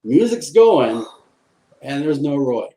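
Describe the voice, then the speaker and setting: Mellow-voiced man telling a ghost story. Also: medium pitch, takes it slowly, reverberant, rough recording. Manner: animated storyteller acting out quoted dialogue. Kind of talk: storytelling in a casual interview. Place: home, on a live video stream. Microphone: video call.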